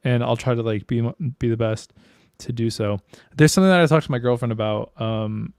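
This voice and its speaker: This young man co-hosts a podcast, chatting casually at a fairly quick pace in a medium-pitched, darkish, clean voice. He's candid and profane, full of swearing and restarts, and the recording is dry with clean studio sound.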